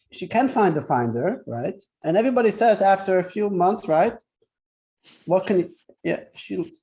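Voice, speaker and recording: A man's voice: high voice, dark tone. A man teaching a Torah class in a chatty, interactive way, telling jokes and often checking in with "right?". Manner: chatty, keeps asking "right?", tells jokes.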